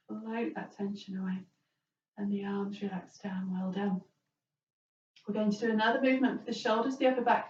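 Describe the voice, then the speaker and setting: A woman teaching a chair yoga class, giving gentle, soothing step-by-step breathing and movement cues. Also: mid-range voice. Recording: roomy, distant, dull-sounding recording.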